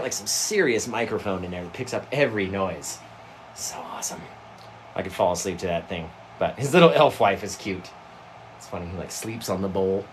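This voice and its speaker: A man's voice: medium pitch, slight background noise. A man hosting a painting livestream, chatting casually and rambling, often trailing off into mumbles.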